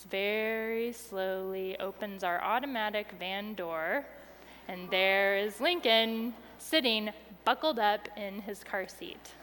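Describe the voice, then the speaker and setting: A woman telling a personal story to an audience with expressive delivery, going soft and quiet at the tense moments. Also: medium pitch, big-room sound, slight background noise.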